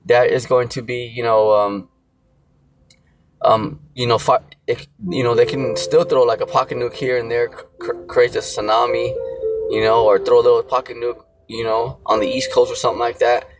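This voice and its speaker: A man's voice: mid-range voice, level tone, moderate pace. A man preaching a casual sermon, rambling with lots of fillers and blunt slang. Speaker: street preacher. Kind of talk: casual sermon with scripture reading. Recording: music playing behind.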